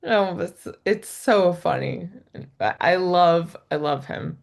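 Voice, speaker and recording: A woman in casual conversation who tells stories with animated energy and laughs often. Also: lowish voice, slow pace, gravelly. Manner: giggly, animated storytelling. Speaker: podcast guest. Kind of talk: casual chat.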